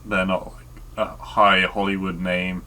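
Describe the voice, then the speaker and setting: A man talks easygoing podcast chat in a lowish voice with a forward, bright edge. He hesitates often and fills the gaps with ums and likes. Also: level tone, unhurried. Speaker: podcast co-host.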